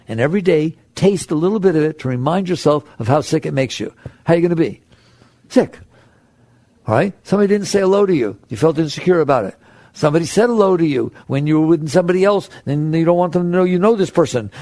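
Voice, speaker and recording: A man giving a spiritual talk, his voice fairly high and swinging widely in pitch. It has a husky, gravelly edge, and the sound is dry and close. He speaks conversationally and slips into acted-out inner voices. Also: a little mellow, no room sound. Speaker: spiritual teacher.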